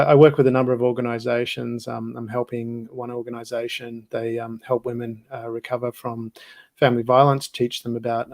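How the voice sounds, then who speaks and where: A man's voice: medium pitch, gravelly, darkish tone, no room sound. A middle-aged Australian man, a guest on a podcast interview, talking in a chatty, self-promoting way with lots of fillers. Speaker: guest, business consultant.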